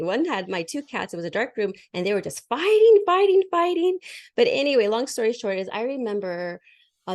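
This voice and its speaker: A woman's voice: medium pitch, darkish tone, no room sound. Giggly woman host, dry close sound. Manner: giggly, laughs often mid-sentence. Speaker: podcast host. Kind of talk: casual spiritual chat.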